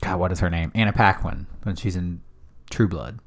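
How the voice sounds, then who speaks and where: Laid-back young man, lowish voice. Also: normal speed, vocal fry. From South Carolina. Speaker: podcast co-host. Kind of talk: casual chat.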